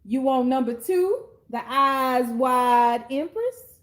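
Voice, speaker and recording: Blunt, sassy high-voiced woman. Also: lively intonation. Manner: slangy, drawn-out street talk. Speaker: tarot card reader. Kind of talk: casual tarot reading monologue.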